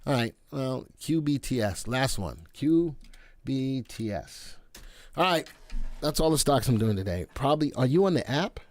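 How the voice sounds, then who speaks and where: A man's voice: medium pitch, lively intonation, moderate pace. A man hosting a live stock analysis stream, chatty and playful, talking to his viewers by name. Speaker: live stock market show host.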